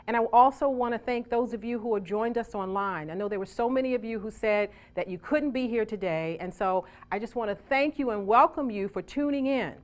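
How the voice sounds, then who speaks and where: Casting note: upbeat woman seminar coach with a somewhat high voice, rallying a live room. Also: a little fast, few pauses. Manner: energetic, calls on the audience to respond. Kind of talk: motivational seminar talk.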